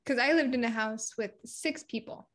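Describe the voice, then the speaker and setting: A woman's voice: a little high, moderate pace. Chatty young woman from Puerto Rico. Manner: candid, chatty storytelling with acted-out quotes. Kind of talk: casual conversation.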